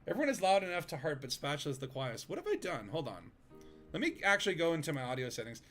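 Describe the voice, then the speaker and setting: A man's voice: fairly high pitch, sing-song, rapid-fire, fairly bright tone, faint music behind. A man streaming a space game from his home desk, chatting casually with friends, rambling and joking with lots of fillers. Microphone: desk microphone.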